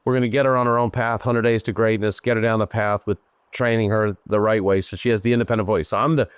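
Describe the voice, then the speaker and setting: A middle-aged Irish man hosting a show, coaching a guest in an animated, emphatic way. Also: fairly low pitch, fast, clear, resonant tone, no room sound. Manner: animated, emphatic, slips into playful voices for others. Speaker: host and business coach. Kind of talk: live coaching Q&A.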